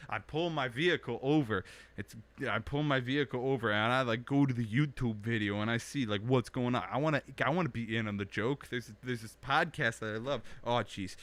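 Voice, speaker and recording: A man's voice: mid-range voice, a bit bright, dry recording. A young man hosting his own web show, rambling through a joking, self-deprecating monologue with lots of restarts, recorded on a studio microphone. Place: small indoor home studio.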